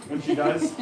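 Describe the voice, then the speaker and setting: A man hosting a casual live stream of knife-throwing trick shots, chatting to viewers and bursting into excited exclamations. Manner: excitable, breaks into loud exclamations. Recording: echoey room, voice far from the mic, music behind.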